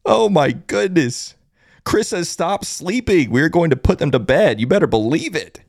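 A man hosting a hyped postgame live stream, reading chat aloud and shouting with excitement. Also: a little high, moderate pace, dry recording, clean studio sound. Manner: excited, loud, shouting catchphrases. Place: closet at a family home.

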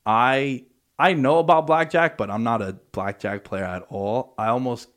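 A man's voice: mid-range voice, moderate pace, fairly bright tone. Laid-back young man telling stories. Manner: storytelling, laid-back slang. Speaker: podcast host. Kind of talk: casual chat.

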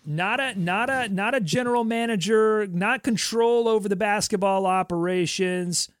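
A male co-host with a slightly high voice and a dry, close sound. He argues his points emphatically and keeps repeating words for stress. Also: normal speed, clean tone, dry recording. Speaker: podcast co-host. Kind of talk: opinionated sports talk.

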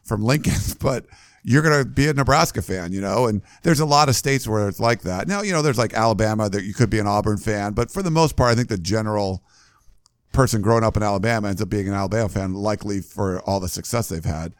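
A man's voice: on the low side, fast, no echo, studio quality. A man hosting a casual sports podcast, talking loosely with many fillers and restarts about fandom. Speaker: podcast host running a fan message board.

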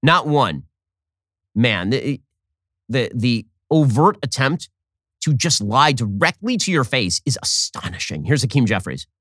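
Exasperated male host doing a rapid sarcastic monologue with a lively, bouncing pitch. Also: no echo. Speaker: political commentary host. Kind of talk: fast opinionated monologue.

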